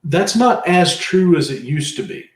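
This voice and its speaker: A man's voice: high voice, expressive, a little slow. A man in a casual chat who talks in a blunt, wry, matter-of-fact way. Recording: roomy echo.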